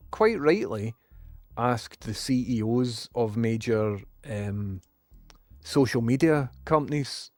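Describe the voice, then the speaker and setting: A Scottish man with a mid-range, darkish voice rambles through a casual live-stream rant, chatting sarcastically to his viewers and swearing freely. The recording is dry.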